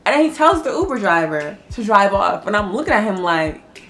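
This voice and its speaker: A woman telling a personal story in a casual vlog, animated, laughing often and swearing freely. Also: medium pitch, a little fast.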